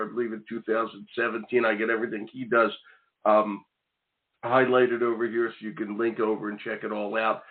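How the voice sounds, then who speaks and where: A man hosting an education talk radio podcast, chatting in a rambling, friendly way. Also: fairly low pitch. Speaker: host. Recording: phone-like narrow sound.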